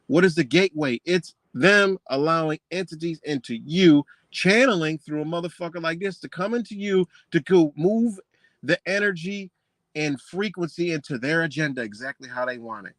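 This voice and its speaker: A man's voice: a little high, animated, moderate pace, a bit bright, dry recording. A man ranting in a scornful, profane commentary, mocking what he reads and firing off rhetorical questions. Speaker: commentator reacting to a book.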